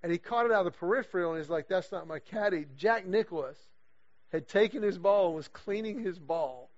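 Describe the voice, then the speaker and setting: A man's voice: sits high, expressive, fairly quick. A middle-aged man telling a story in a sermon to a men's group, acting out the voices of the people he quotes. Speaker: guest speaker leading a men's series. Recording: dull lo-fi recording.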